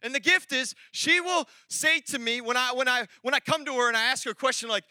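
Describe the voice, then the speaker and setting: Bright, animated preacher man. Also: very high-pitched, brisk, hardly any pauses, clear, resonant tone, no room sound. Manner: animated, rambling, with many restarts and laughs. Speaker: pastor. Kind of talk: sermon.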